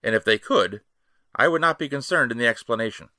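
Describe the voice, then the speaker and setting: A man's voice: medium pitch, animated, brisk, sharp tone, no room sound, clean studio sound. A man doing a blunt, stubborn ship's surgeon. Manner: curt, firm, a bit triumphant.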